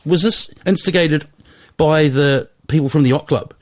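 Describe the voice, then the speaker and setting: A New man hosting a podcast, jumping in casually with quick questions. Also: a little high, a little hiss or hum. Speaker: podcast host. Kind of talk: interview questions.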